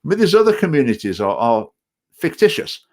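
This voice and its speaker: A man's voice: mid-range voice, sing-song, fairly quick, a little mellow. A man with a Stoke-on-Trent English accent, chairing a party and answering viewer comments in a casual live stream, hesitant and often repeating words. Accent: Stoke-on-Trent English with some Scottish phrases. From England. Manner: hesitant, repeats words, digressive opinionated talk.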